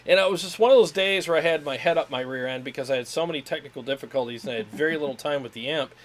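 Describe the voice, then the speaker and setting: A man's voice: a little high, rapid-fire. A man hosting a casual livestream, talking about his equipment in an enthusiastic, rambling way with restarts and frequent laughter. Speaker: show host.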